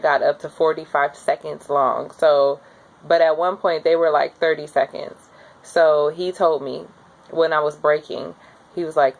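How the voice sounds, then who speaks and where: A young woman casually telling her own story to the camera, chatty and candid, with lots of fillers and lively acted-out quotes. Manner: acts out quoted voices with high jumps. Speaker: new mother telling her birth story.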